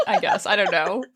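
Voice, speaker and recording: A woman's voice: mid-range voice, a bit bright, husky. A woman co-hosting a podcast in casual chat, chatty, laughing often and swearing freely. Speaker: podcast co-host.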